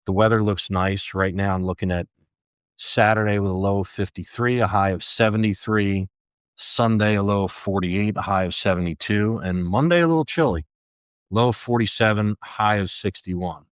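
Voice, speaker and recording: A man's voice: fairly low pitch, normal speed, clean tone, no echo, clean studio sound. An older man hosting a solo podcast, talking in an easygoing, self-deprecating way. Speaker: podcast host.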